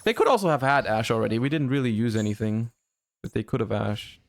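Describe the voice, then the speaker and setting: A man streaming a card game live, thinking his plays through out loud, with sudden excited outbursts. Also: medium pitch, quick pace, creaky. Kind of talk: live-stream gameplay commentary.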